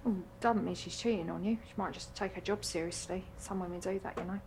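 An actress playing a blunt woman investigator who talks in a dry, deadpan way. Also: lowish voice, quick pace, gravelly, slight background noise.

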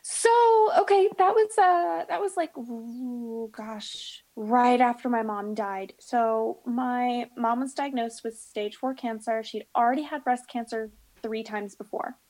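A woman's voice: a little high, slow pace, few pauses, darkish tone, poor audio. A woman in her thirties, a guest telling personal stories in a blunt, darkly humorous way and acting out what others said. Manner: blunt, darkly humorous, acts out quoted voices. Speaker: interview guest. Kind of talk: candid personal storytelling.

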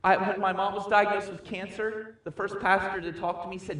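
A man preaching a sermon, emphatic and swinging from quiet reflection to loud declarations, recorded at a distance in a church hall. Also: high voice, steady tone, moderate pace, hardly any pauses. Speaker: pastor. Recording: echoey room, distant mic.

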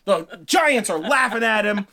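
Brief: male podcast host, casual myth retelling, slangy, lively pitch. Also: unhurried. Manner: slangy, laughing, animated. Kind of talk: casual storytelling.

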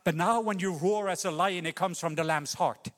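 A Norwegian man preaching a sermon with passion, rising to loud cries and dropping to hushed lines. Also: high voice, moderate pace, long reverb tail. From Norway. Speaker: pastor.

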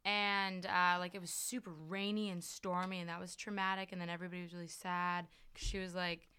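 A woman's voice: lowish voice, flat delivery, brisk, pushed and bright, clear, resonant tone. A woman in casual chat, telling personal stories with lots of fillers and acted-out quotes. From farm upbringing, rural. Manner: storytelling, many fillers, acts out quotes.

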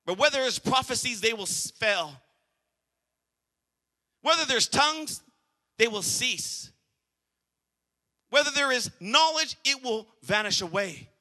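The sound of a big room surrounds a male pastor whose high, very bright voice pierces through an animated sermon. He keeps a measured pace with long pauses, preaching emphatically, repeating phrases and calling out to his congregation.

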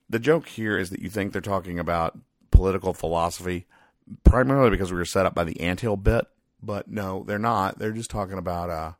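A man's voice: deep voice, no echo. A man casually reading newspaper comic strips aloud and explaining the jokes in a dry, rambling way with many fillers.

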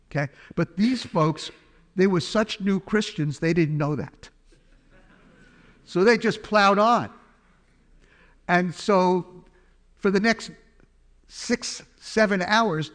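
Guy telling his testimony, chatty and funny, kinda high voice, big echoey hall. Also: a bit bright. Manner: storytelling, chatty and humorous. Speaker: speaker giving a testimony. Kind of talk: personal testimony sermon. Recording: long hall reverb.

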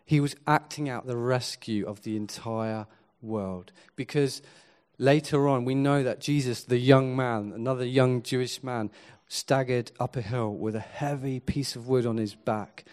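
A man preaching a sermon, earnest and swinging from quiet to emphatic. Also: mid-range voice, fairly even intonation, a little slow, few pauses.

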